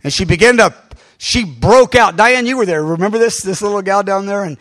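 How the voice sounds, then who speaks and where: A male pastor telling a story to his congregation, animated, with many fillers and restarts and sudden loud bursts. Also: sits high, a little fast. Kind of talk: sermon storytelling.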